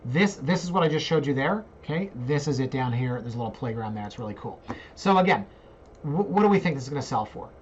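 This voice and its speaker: A man in his forties, a realtor, talking casually over a screen share, joking, and breaking into squeaky asides. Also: expressive, fast talker, lo-fi sound, slight background noise. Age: 40s.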